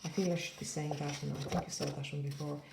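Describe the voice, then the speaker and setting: A woman's voice: deep voice, little pitch movement, quick pace, gravelly, background noise. A woman casually showing paper crafts in a chatty, rambling way with playful asides. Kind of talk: casual show-and-tell flip-through. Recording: echoey room.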